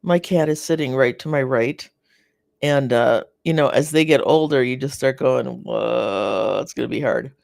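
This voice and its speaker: Reading viewer comments on a live garden chat, this North American host talks casually but rambles and halts, with lots of fillers and restarts, while staying sympathetic toward viewers. The pitch is medium and slightly mellow, and the recording is dry with clean studio sound.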